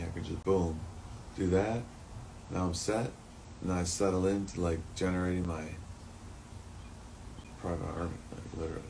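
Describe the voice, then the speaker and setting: A man's voice: low-pitched, background noise. A man talking through a rambling personal monologue, swearing often and turning heated and emotional at times.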